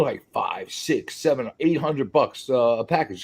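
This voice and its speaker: A man's voice: medium pitch, very animated, moderate pace, vocal fry, darkish tone, breathy edge. A man in casual chat, telling a heated story full of swearing and mocking re-enactments.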